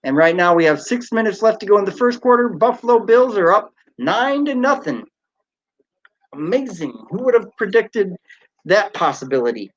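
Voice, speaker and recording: A man's voice: high-pitched, sing-song, normal speed. A man hosting a casual live stream from home, chatting and reading out viewer comments. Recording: slightly dull lo-fi sound.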